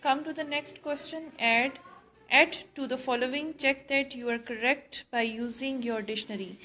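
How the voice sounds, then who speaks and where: A woman teaches a grammar lesson, going over each point twice and slipping into Hindi to explain. Her voice sits high and sounds bright and crisp as she speaks. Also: poor audio. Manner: explains slowly, repeating key words, mixing in Hindi.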